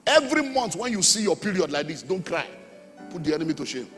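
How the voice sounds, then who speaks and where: A middle-aged Nigerian man preaching a sermon as pastor, animated, with sudden shouts and sung phrases. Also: sits high, fast. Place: church hall. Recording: long hall reverb, faint music.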